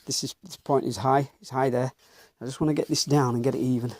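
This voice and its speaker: A man's voice: medium pitch, steady tone, quick pace. Breathless Northern English man planing wood. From England. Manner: blunt, mutters while working, occasional mild swearing. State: slightly out of breath. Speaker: woodworker. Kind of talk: workshop commentary while working. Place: woodworking workshop. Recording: clear workshop noise behind. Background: planing, rubbing and wood noises.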